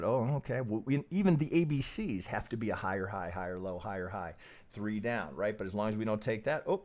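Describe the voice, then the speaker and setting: A man with a fairly low voice talks through charts on a live stream, thinking aloud and swearing as he goes. He keeps checking in with "right?", his pitch jumps up when he makes a point, then drops low and soft when he mutters to himself. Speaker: trading educator hosting a live stream.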